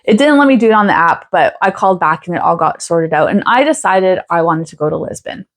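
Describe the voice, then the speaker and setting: Woman vlogger, casual storyteller, slightly low voice, chatty with frequent laughs. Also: fast. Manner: chatty, laughs often, animated quoting.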